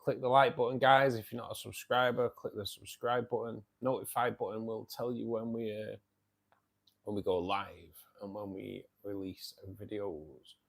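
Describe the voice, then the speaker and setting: A man from England with a Northern English Manchester accent hosts a casual live stream, reading viewer comments and calling them mate. His voice is on the low side with a level tone, moderate pace, and vocal fry.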